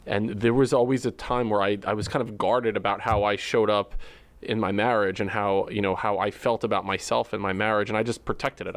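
A man's voice: fairly low pitch, no room sound. A man co-hosting a podcast, talking candidly about his feelings with many fillers and restarts. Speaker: podcast co-host. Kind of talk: candid personal conversation.

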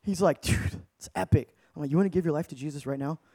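A man with a high, light voice preaching like he's talking to a buddy, tossing in dude and bro. He runs his storytelling sermon with big swings between quiet intensity and loud bursts. The sound is dry and close, with no room around it. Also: fast talker, dry recording. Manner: casual slang-heavy, calls listeners dude and bro. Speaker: evangelist.

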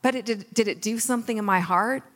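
A woman in her forties giving an earnest, animated faith talk, laughing at herself now and then. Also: a little high, quick pace, long reverb tail. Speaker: Christian speaker. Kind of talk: faith talk on money and tithing.

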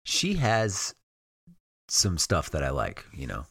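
A man co-hosting a podcast, talking casually about players with relaxed hedging fillers. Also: deep voice, takes it slowly, breathy edge, no echo, studio quality. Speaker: podcast co-host. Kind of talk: casual sports chat.

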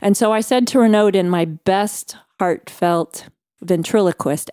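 A woman guest on a faith podcast, earnestly telling a personal story with measured pauses. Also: mid-range voice, mellow, smooth, dry recording, studio quality. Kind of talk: storytelling interview.

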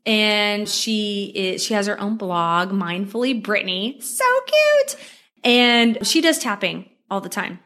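A woman in her forties, a coach chatting casually with viewers about her own life, heartfelt and quick to laugh, her voice leaping up when she gets excited. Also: medium pitch. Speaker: manifestation and tapping coach. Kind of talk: casual personal storytelling to viewers.

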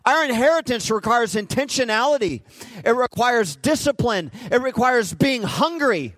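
Male preacher, high voice, dry close sound, live sermon that swings from fiery to hushed. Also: lively intonation, normal speed, no room sound. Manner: impassioned, swings from loud declarations to hushed intimacy. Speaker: guest preacher. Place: church sanctuary.

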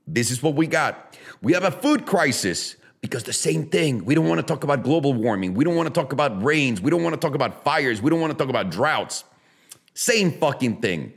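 Fired-up, profane man with lively pitch. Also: husky. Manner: heavy swearing, blunt and fired-up; talks straight to listeners with rhetorical questions. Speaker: podcast host. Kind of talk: casual solo podcast rant.

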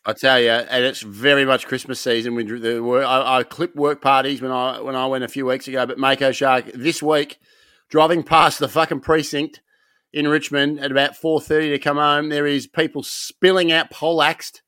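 A man with an Australian accent co-hosting a podcast, teasing and animated, swearing casually. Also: medium pitch, normal speed, clear, resonant tone, no echo, studio quality. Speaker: podcast co-host.

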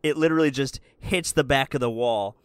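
A man's voice: medium pitch, a little fast, clean tone, no room sound. A man narrating a tabletop game as game master, describing scenes steadily.

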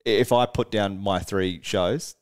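A man, co-hosting a podcast and telling a tour story in a casual, animated way, laughing often and swearing freely. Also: fairly low pitch, unhurried, smooth. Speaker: podcast co-host, band musician.

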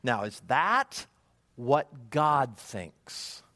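A man preaching a sermon, animated and conversational, with many rhetorical questions. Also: mid-range voice, extremely slow, no echo. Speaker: pastor.

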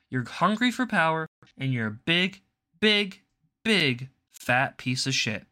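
A young man hosting a political commentary show, ranting angrily and profanely with sudden loud outbursts. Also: mid-range voice. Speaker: host.

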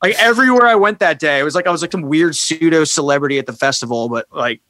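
A man chatting casually as a podcast guest, telling an animated story, acting out quoted people in raised voices and swearing freely. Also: fairly high pitch, fast talker, no room sound.

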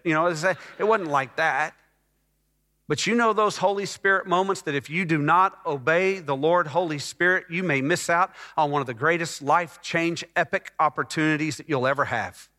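Preaching his own testimony, a man with a slightly high voice and moderate pace moves from quiet, hushed stretches to loud, forceful passages as he tells his story. The recording has a long hall reverb.

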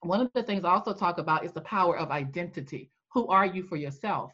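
A woman coach telling an animated story in a podcast interview, acting out the voices she quotes. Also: fast talker, muffled recording. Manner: animated storyteller, acts out quoted voices with big pitch jumps. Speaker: coach and founder.

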